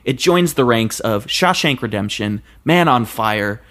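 A young man co-hosting a casual movie podcast. He talks with a lively, swooping pitch and loud exclamations, sometimes slipping into a playful awards-show announcer manner. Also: unhurried. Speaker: podcast co-host.

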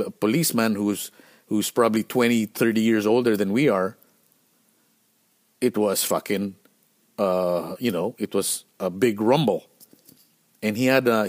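A middle-aged man from the Philippines telling a tour story on his own show, animated and profane, acting out what people said. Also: mid-range voice. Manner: animated, profane, acts out quotes. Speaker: podcast host and band musician. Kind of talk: casual storytelling monologue.

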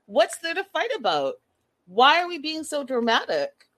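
A woman giving a casual, animated recap to her viewers, judgmental and chatty, addressing them directly. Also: high-pitched, moderate pace. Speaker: commentator.

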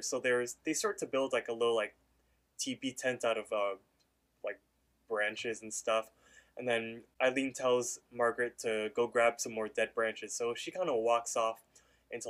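A man's voice: medium pitch, steady tone, moderate pace, a bit bright. A man co-hosting a podcast, loosely retelling a cartoon episode with lots of fillers. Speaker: podcast co-host. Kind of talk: casual episode recap.

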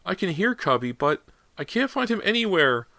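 A man's voice: sits high, huge pitch swings, normal speed, sharp tone, no echo, pitched above the performer's own voice, heavily acted. A man voicing a small boy who is sobbing and whimpering, in an audiobook. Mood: tearful. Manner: tearful, whimpering.

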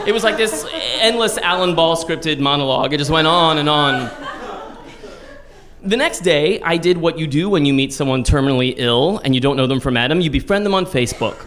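Animated man telling a personal story. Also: a little fast, noisy background. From Texas. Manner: animated, self-deprecating, voice jumps high when acting out panic. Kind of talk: live personal storytelling monologue.

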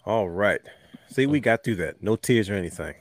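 Deep-voiced man hosting a podcast. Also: lively intonation, no room sound. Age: adult with a young son. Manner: heartfelt, drawn-out pauses with many fillers. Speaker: podcast host. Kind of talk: casual podcast chat.

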